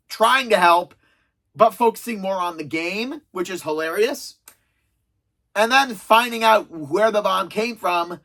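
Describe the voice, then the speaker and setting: A chatty reviewer in their thirties with a bright, forceful voice, counting down favourite episodes. The talk wanders and restarts, with a dry, sarcastic edge throughout. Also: mid-range voice. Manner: chatty, self-described sarcastic, rambling with restarts. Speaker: video reviewer. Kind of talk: casual spoken episode countdown.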